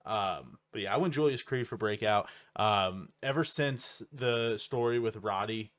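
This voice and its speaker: A man's voice: lowish voice, fairly bright tone. A man co-hosting a podcast, talking about wrestling in a blunt, casual way with frequent swearing. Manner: blunt, swears often, quick laughs. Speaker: podcast co-host.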